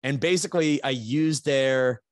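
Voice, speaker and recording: A man's voice: medium pitch, measured pace, dry recording, clean studio sound. A man, hosting a podcast and telling a rambling comic story, self-mocking and building to exasperated outbursts. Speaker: podcast host.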